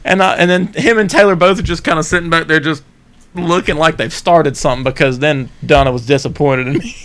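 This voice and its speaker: A man's voice: a little high, fairly quick, clean tone. A young man co-hosting a podcast, telling a family story in a loose, laughing way and quoting the people in it. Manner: laughing, animated retelling with quoted voices. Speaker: podcast co-host. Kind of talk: casual storytelling chat.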